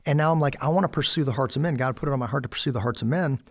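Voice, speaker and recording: A man's voice: mid-range voice, rapid-fire. A middle-aged American man, a podcast guest, telling a story in casual chat. He acts out the quotes and laughs often. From United States.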